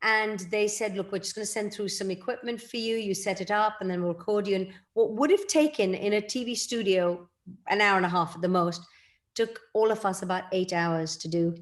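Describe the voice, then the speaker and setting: Chatty animated actress, laughing often. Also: female voice, medium pitch, fairly quick. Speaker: actress, guest. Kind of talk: casual interview chat.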